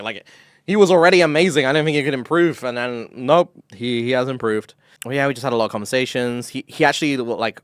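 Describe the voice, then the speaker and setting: A man's voice: mid-range voice, dry recording, clean studio sound. A man telling a story on a live stream in casual chat, swearing, laughing and full of fillers.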